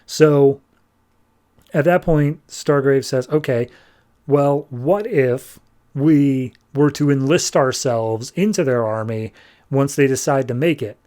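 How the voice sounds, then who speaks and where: Male podcast host, mid-pitched voice, relaxed chatty recap delivery with lots of "like" and offhand paraphrased dialogue. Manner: loose retelling full of "like" and quick paraphrased dialogue. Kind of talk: casual comic book recap.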